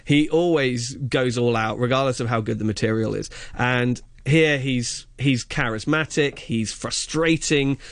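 A man's voice: mid-range voice, unhurried, few pauses, no echo. A man chatting on radio as a film reviewer, enthusiastic and rambling, with many fillers and restarts. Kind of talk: casual radio chat.

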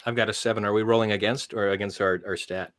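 A man plays a tabletop game in a bright, forward voice, recorded dry and close. He stammers and restarts a lot, in a halting but animated way. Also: fairly low pitch, no room sound. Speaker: player.

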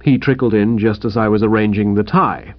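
A man's voice: on the low side, steady tone, a little fast, dry recording, highs cut off. A man narrating a comic novel in a jaunty, upper-class storytelling manner. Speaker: audiobook narrator.

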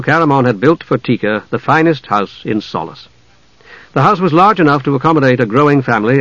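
A man reading a fantasy novel aloud in measured, scripted audiobook narration. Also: medium pitch, fairly bright tone, no room sound. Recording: dry, slightly dull audiobook recording.

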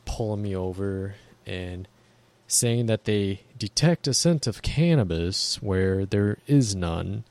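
A man's voice: fairly low pitch, slow, a little mellow. A man ranting casually to camera in a blunt, profane, rambling way.

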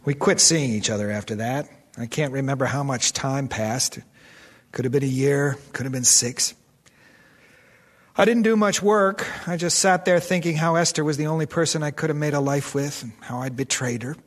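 A man's voice: medium pitch, moderate pace, in a large hall, lightly acted. An actor playing a weary, guilt-ridden middle-aged man who narrates his own story in a radio drama. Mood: reflective. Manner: dry, reflective narration. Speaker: narrator and character.

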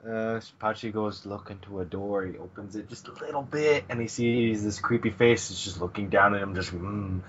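A man's voice: lowish voice, brisk, hardly any pauses. A man co-hosting a podcast, recapping a manga in a laid-back casual chat. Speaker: podcast co-host. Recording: dull lo-fi mic with faint hiss.

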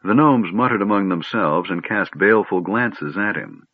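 A man narrating a fantasy story in a measured storytelling manner. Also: low-pitched, expressive, dry recording. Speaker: audiobook narrator. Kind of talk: scripted narration. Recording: dry, tinny phone-like audio.

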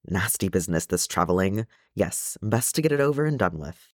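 A man voicing a fretful, tearful male hobbit gentleman who talks in a fussy, flustered, prim way. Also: low-pitched, lively intonation, fairly quick, no room sound, studio quality.

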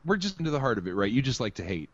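A man's voice: medium pitch, very animated, racing, crowd noise. A male interviewer asking wry, teasing questions in a casual chat. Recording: dull lo-fi audio.

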